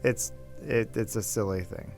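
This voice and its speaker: A man's voice: on the low side, unhurried, creaky, darkish tone, soft background music. A man co-hosting in casual chat, telling anecdotes with dry, laid-back jokes. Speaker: co-host.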